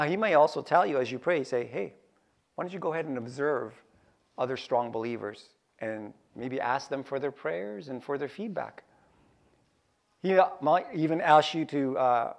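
A man preaching a sermon to his congregation, lively and jokey, repeating key phrases for emphasis. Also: on the high side. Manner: animated, joking asides, repeats key phrases. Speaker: pastor.

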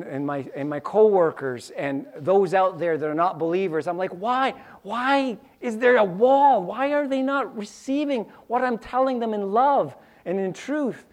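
A man's voice: sits high, darkish tone. A man preaching a sermon, acting out little scenes with sound effects and repeating key lines for emphasis. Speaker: pastor.

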